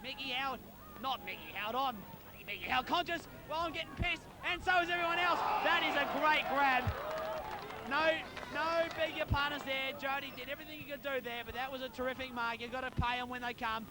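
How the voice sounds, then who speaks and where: A man calling an amateur football match as club commentator, openly barracking and shouting encouragement to his team's players by name. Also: extremely high pitch, brisk, background noise. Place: outdoors at a suburban football ground.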